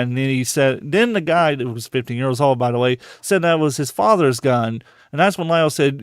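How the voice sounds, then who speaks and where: Profane heated podcast host, smooth voice. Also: male voice, mid-range voice, brisk, hardly any pauses, dry recording, studio quality. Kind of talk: casual live podcast chat.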